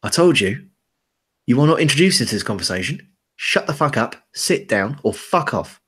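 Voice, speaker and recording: Hombre imitando a un matón inglés agresivo. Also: male voice, medium pitch, sing-song, normal speed, fairly bright tone, slightly rough, voice pushed up, exaggerated voice. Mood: hostile. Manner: swearing, hostile and mocking. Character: aggressive young male pub thug in a hoodie.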